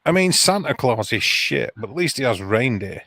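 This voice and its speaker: A man co-hosts a casual live-stream chat, joking in a dry, teasing way. His voice sits at a middle pitch and the recording is close and dry with no room sound. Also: big pitch swings, normal speed, a bit bright, dry recording. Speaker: co-host of a live survival chat show.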